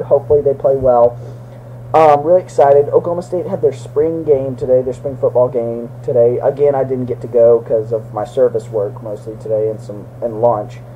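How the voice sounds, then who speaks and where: A young man talking casually to the camera in a goofy, joking way, breaking into loud outbursts. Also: medium pitch, lo-fi sound, a little hiss or hum. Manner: goofy, jokey, with sudden loud shouted bits. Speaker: vlogger. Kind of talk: casual video blog to his brother.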